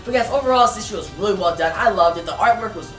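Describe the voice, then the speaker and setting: A woman's voice: mid-range voice, rapid-fire, fairly bright tone. A woman casually reviewing a comic book and recapping its plot, chatty, with many fillers and asides to viewers. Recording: roomy, distant mic, faint music.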